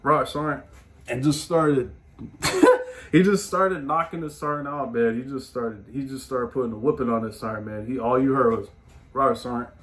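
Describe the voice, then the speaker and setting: A man's voice: mid-range voice, normal speed. A man hosting his own show, telling stories in a casual, slangy monologue with plenty of swearing. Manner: animated, slangy, swearing, frequent "man" tags. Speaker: podcast host giving advice.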